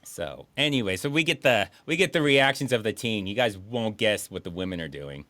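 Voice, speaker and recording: A man streaming a movie riff, talking in casual commentary, laughing and putting on quick mock voices. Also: fairly low pitch. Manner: animated, laughing, mock quotes in put-on voices.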